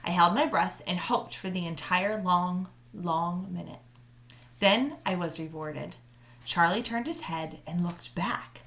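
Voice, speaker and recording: Speaking in a fairly low, measured voice, a woman teacher greets her students warmly before reading them a first-person children's novel. After the friendly welcome, her narration stays steady throughout the read-aloud.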